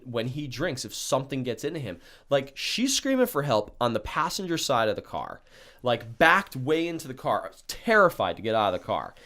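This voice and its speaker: A young man tells a story on his podcast in casual chat, swearing freely and acting out the lines of the people in it. His pitch swings widely up and down. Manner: animated, swears a lot, acts out quotes. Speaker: podcast host telling a story.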